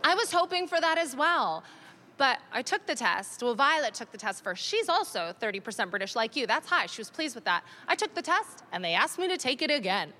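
A woman comedian performs a stand-up set on stage into a handheld mic. Her voice sits high and bright, and it swings widely. She talks in a sardonic, animated way and laughs through her punchlines. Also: fairly quick, a little hiss or hum. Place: comedy stage with live audience.

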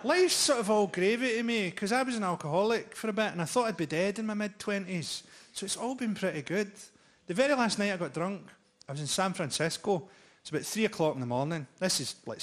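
A man in his forties performing a stand-up routine on a live stage, telling dark, profane jokes in a deadpan way. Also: high voice. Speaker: stand-up comedian. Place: live comedy venue with audience laughter.

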